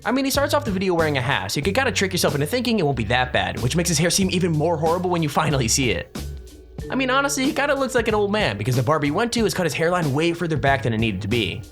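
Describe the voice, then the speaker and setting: A man's voice: fairly high pitch, very animated, a bit bright, faint music behind. A man narrating a countdown video in a chatty, wry scripted voice-over. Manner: chatty, wry, fast-paced.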